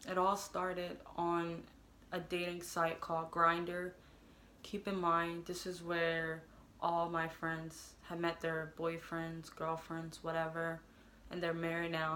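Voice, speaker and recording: Deadpan young woman, flat and bright. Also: fairly low pitch, a little hiss or hum. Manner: deadpan, halting, mock-serious. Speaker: storytime vlogger. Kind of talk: comedic storytime monologue.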